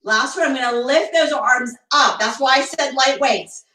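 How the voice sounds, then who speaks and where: A woman's voice: high-pitched, moderate pace, sharp tone, roomy sound, distant mic, poor audio. A woman teaching a barre workout at home, counting reps and cheering her class on, a little out of breath. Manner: encouraging, counting reps, chatty asides. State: slightly out of breath. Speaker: fitness instructor. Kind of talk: guided workout instruction. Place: room at home.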